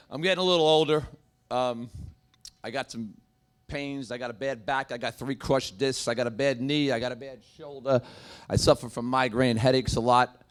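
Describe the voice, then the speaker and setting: A middle-aged man doing a stand-up comedy set in a comedy club, working the crowd with brash, joking banter. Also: mid-range voice.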